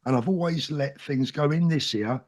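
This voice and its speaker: A man's voice: fairly high pitch, moderate pace, a little mellow. A middle-aged man with a South London accent, a guest talking in an interview in an earnest, plain-spoken and emphatic way. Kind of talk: casual interview talk.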